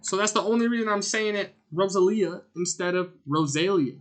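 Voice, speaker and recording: A man streaming a game, chatting casually and rambling in a jokey way, with sudden loud outbursts as he answers his chat. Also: high voice, moderate pace. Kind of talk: casual gameplay commentary.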